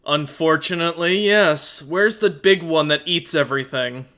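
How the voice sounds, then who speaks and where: A man's voice: a little high, moderate pace, pushed and bright. A man voicing a grumpy, hairy, cloaked traveler who is bitter and resentful and talks in an indignant, accusing way.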